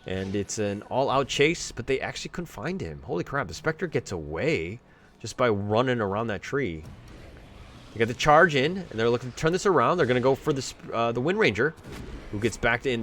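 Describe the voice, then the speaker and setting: Male game analyst, animated pitch, chatty asides, faint hiss behind. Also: a little fast. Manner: chatty, joking asides, builds excitement on fights. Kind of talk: replay commentary.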